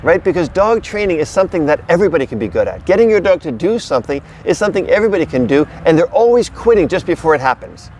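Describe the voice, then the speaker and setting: A man's voice: a little high, big pitch swings, fast talker, hardly any pauses, a little mellow, a little hiss or hum. A middle-aged man, a dog trainer, talking casually to a camera someone else holds outdoors, with an emphatic, repetitive coaching delivery. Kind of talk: casual instructional talk to camera. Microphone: camera held by another person.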